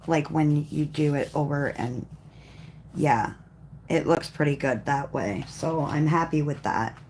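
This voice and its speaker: A woman hosting a live coloring stream, chatting casually in a rambling way and often clearing her throat as she works. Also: sits low, darkish tone, slight background noise. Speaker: coloring livestream host. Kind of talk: casual livestream chat while coloring.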